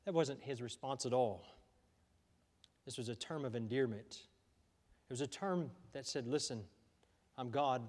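A man's voice: medium pitch, normal speed, long pauses, a little mellow. A middle-aged man preaching a sermon as pastor, talking conversationally with frequent restarts and questions to the congregation. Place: church sanctuary. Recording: long church hall reverb.

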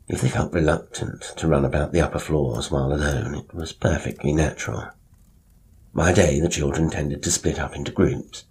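Very deep-voiced male story narrator. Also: darkish tone, slight background noise.

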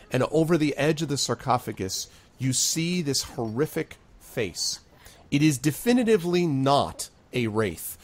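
Man narrating a tabletop game. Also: mid-range voice. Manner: rambling, filler-heavy narration. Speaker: game master.

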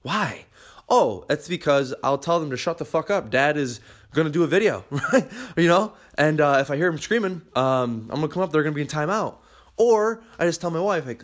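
A man's voice: fairly high pitch, lively intonation, brisk. A young man hosting a podcast, talking bluntly and animatedly, swearing freely as he gives motivational advice. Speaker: podcast host.

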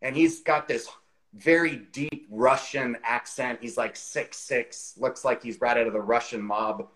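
A man's voice: medium pitch, fairly even intonation, measured pace, a bit bright, rough recording. A man in his forties, the guest, telling a career story in a chatty way over a video call, with lots of "you know" fillers.

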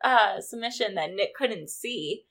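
A woman co-hosting a casual podcast, telling lively stories and laughing often. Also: medium pitch, measured pace, a little hiss or hum. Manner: animated storytelling, acts out voices, laughs often. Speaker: podcast co-host, scorekeeper. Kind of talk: casual chat.

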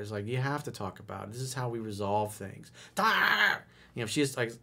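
A man's voice: mid-range voice, expressive, brisk, pushed and bright. Blunt, profane man giving relationship advice. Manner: blunt, direct and profane, acting out lines of dialogue. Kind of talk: advice monologue answering a listener letter.

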